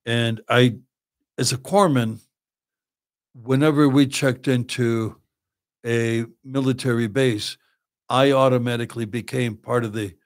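A man in his seventies, a podcast guest, telling lively stories with lots of laughing and swearing. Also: mid-range voice. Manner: animated, laughs often, swears freely. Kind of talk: casual storytelling.

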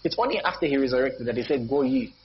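A pastor preaching a sermon, repeating phrases and jumping up in pitch and volume for emphasis. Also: male voice, sing-song, racing. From Zambia. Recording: dull lo-fi recording with faint noise.

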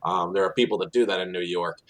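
A man's voice: low voice, fast talker. A man from New Jersey with a New Jersey accent, a tour guide telling stories in a casual interview with lots of fillers and restarts. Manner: storytelling, frequent fillers and restarts.

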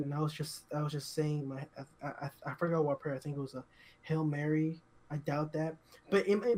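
A young man co-hosting a podcast, telling a story in casual chat, halting and repetitive, full of fillers and restarts. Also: on the high side, steady tone, darkish tone. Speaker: podcast co-host.

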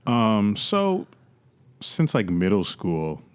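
Young man, very low voice, casual podcast chat, joking and profane. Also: wildly swooping pitch, drawn-out words, clean tone. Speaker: podcast co-host.

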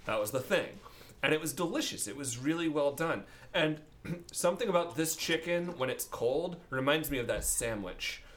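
A podcast co-host rambles and jokes through a casual conversation, laughing often. His voice is a little high and fairly bright, with lively intonation at a normal speed.

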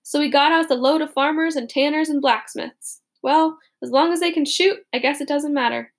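Blunt fisherman sailor as a woman reads him, matter-of-fact, high gravelly voice. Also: moderate pace. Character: blunt male fisherman rowing soldiers.

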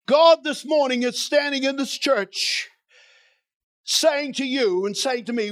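A man's voice: extremely high pitch, slow pace, a bit bright, no room sound. A man preaching a sermon in a church, reading scripture and building to emphatic, repeated declarations.

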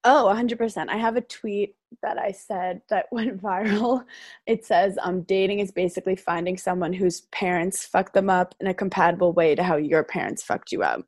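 A woman's voice: mid-range voice, normal speed, darkish tone, dry recording, clean studio sound. Chatty young woman podcast guest. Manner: chatty, filler-heavy, rambling, laughing. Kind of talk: casual storytelling chat.

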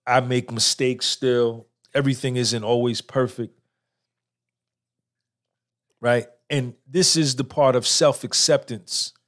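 A man talks straight into his podcast mic in a loose, slangy monologue. His voice sits at an ordinary middle pitch as he lectures bluntly. He keeps tagging his points with "right?" and "you know what I'm saying?". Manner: blunt, preachy, heavy slang; asks for agreement with "right?". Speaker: podcast host.

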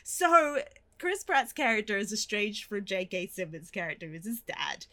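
A woman in casual podcast chat, animated and ranting, often laughing. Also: mid-range voice, normal speed. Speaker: podcast co-host reviewing a film.

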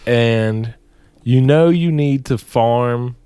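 A man's voice: medium pitch, drawn-out words, mellow, smooth, dry recording. A man co-hosting a casual podcast chat, speaking emphatically and swearing freely as he argues a point. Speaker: podcast co-host.

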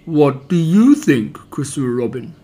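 A man voicing a gloomy, solemn old male donkey in a storybook reading, speaking slowly in a husky voice. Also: a little high, sing-song, mellow, exaggerated voice. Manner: slow, drawn-out, self-important speech. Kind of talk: storybook character voice.

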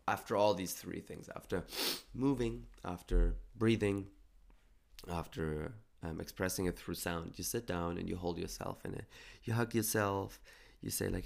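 Low gravelly man, calm coaching talk. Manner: calm, earnest, coaching tone with casual swearing. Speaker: podcast host. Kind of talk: reflective solo podcast talk.

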